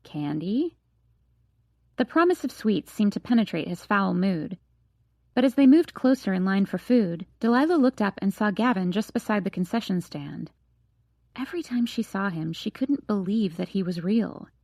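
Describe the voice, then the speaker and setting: A woman's voice: mid-range voice, animated, normal speed, darkish tone, no echo. Woman narrating an audiobook, dry and close. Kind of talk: scripted narration.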